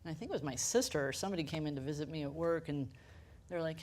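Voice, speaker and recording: A woman's voice: low voice, fast talker, a little mellow, slight background noise. A woman who manages a camera rental house tells stories on a panel, acting out the quoted lines and laughing often. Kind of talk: panel discussion storytelling.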